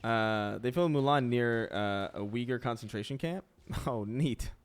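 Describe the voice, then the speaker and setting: A man's voice: mid-range voice, measured pace, smooth. A man hanging out on a friend's livestream, chatting casually with sarcastic jokes and offhand swearing. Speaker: friend on the stream. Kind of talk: casual chat.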